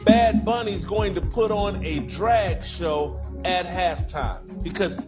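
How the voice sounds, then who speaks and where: A man delivers opinion commentary in an outraged, preachy way. His voice is high and his delivery is slow. Music plays clearly behind him.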